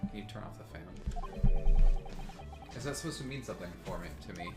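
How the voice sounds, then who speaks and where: Brief: playful male let's-play host, casual commentary, animated pitch, game music underneath. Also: brisk, pauses often, roomy sound. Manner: playful, reads game dialogue aloud in voices.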